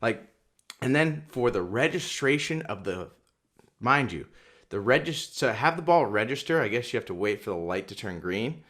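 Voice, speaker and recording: A young man co-hosting a casual podcast, his voice sitting at an ordinary middle pitch. He tells his story with heavy swearing and builds to loud, heated outbursts when he acts out his own replies. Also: normal speed. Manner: animated storyteller, swears constantly, gets loud and heated when quoting himself. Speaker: podcast co-host. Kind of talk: casual chat.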